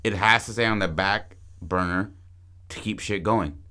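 Bright-voiced, profane male podcast host. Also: lowish voice, moderate pace. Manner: profane, animated storytelling with many restarts. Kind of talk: casual chat, pitching a movie plot.

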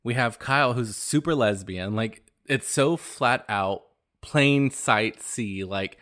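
A man hosting his own podcast, talking in a casual, animated and gossipy way, often exclaiming. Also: medium pitch, slow pace. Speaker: podcast host.

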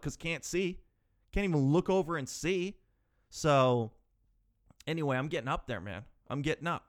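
This man's voice is a little high; he speaks at a normal speed but leaves long pauses. He's thirty, hosting his own solo show on a podcast microphone, rambling, self-mocking, and growing exasperated as he talks.

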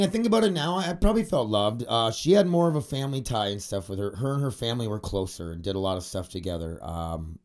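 A man's voice: low voice, darkish tone. A young man talking candidly in a confessional vlog, rambling, swearing, with many fillers, tearful at times. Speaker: podcaster. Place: indoor studio set facing a camera.

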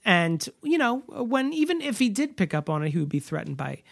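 A woman co-hosting a casual movie discussion podcast, talking in an animated, sarcastic and laughing way. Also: mid-range voice, fairly quick, creaky. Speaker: podcast co-host.

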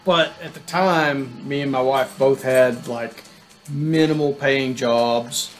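A young adult man chatting casually as a guest, easygoing and quick to laugh. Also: mid-range voice, steady tone, soft background music. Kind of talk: casual chat.

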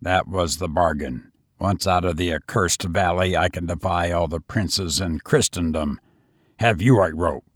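A man reading aloud and voicing a distrustful male brigand who escapes from a castle, speaking low and hushed. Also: measured pace, no echo, clean studio sound. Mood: scheming.

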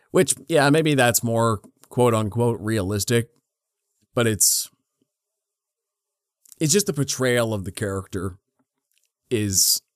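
Earnest man debating films, smooth voice. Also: mid-range voice, no echo, clean studio sound. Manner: earnest, animated, puts on quick voices when quoting. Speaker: podcast co-host. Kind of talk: casual film debate.

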